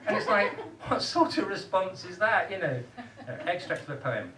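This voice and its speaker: A man's voice: high voice, sing-song, normal speed, pushed and bright, a little hiss or hum. A man with a northern English accent performing comic poetry to a live audience in a bar, cheeky and self-mocking. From northern England. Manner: cheeky, self-mocking, laughs at his own jokes. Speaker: poet and host. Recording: echoey cellar bar, distant mic.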